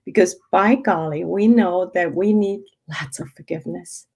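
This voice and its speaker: Leading an online spiritual study group, a woman reads passages and adds emphatic, reflective commentary in a slow delivery. Her voice is fairly low, darkish and breathy, and the audio quality is poor.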